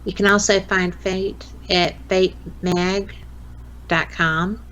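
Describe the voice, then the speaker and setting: A woman in her late fifties with a Southern US accent, a radio host chatting as a podcast guest, folksy and quick to laugh. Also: medium pitch, fairly even intonation, a bit bright, slight background noise, rough recording. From American South. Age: 50s. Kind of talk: casual interview chat.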